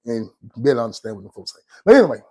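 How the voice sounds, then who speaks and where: A man from Georgia with an Atlanta accent telling prison stories in a casual, slangy, animated way. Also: medium pitch, racing, no room sound. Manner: animated, slangy, laughs often between lines. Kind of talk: casual storytelling.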